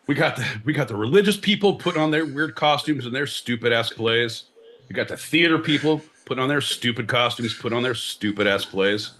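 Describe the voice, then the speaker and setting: A man co-hosting a live comedy podcast, ranting and swearing in a theatrical way. His voice is forceful and bright, and his pitch swings widely as he mocks lofty old verse. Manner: profane, theatrical, mock-Shakespearean ranting. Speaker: podcast co-host. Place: live show venue.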